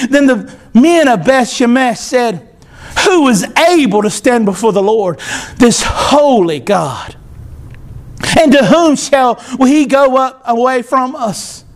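A man preaching a sermon as pastor, animated, swinging from loud to soft. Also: very high voice.

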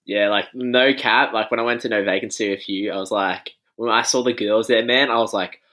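A man's voice: on the low side, steady tone, fairly quick, bright, forceful tone. A young Australian man in his twenties hosting a podcast in casual chat, loose, laughing and swearing often. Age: 20s. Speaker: podcast host.

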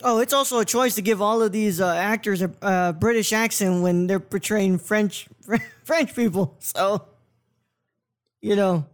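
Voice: mid-range voice, unhurried. A podcast host in casual film talk, earnest and often searching for words mid-sentence.

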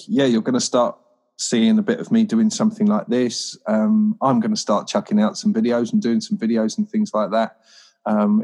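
A man's voice: lowish voice, a little mellow. A man, an inventor guest on a podcast, talking earnestly with frequent restarts. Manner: earnest, self-correcting, lots of ums and repeated starts. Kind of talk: casual chat.

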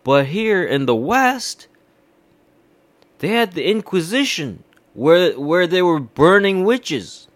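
A man's voice: sits high, very animated, slow, dry recording. A man from India giving a heated, profane political rant, swearing often and repeating himself. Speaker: commentator.

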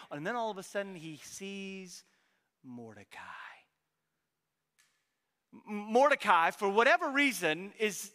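A man preaching an animated, joking sermon with frequent restarts, in a church sanctuary. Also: high-pitched, long reverb tail. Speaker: pastor.

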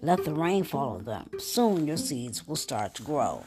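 A woman voicing a calm, wise male frog from a storybook, gently giving advice. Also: deep voice, unhurried, over music. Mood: soothing. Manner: gently advising.

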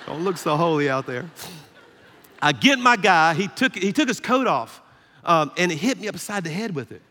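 A man with a Southern American accent preaching a sermon as pastor, telling a story in an animated, self-deprecating way and laughing often. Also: on the high side, normal speed, a little hiss or hum. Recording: echoey hall reverb.

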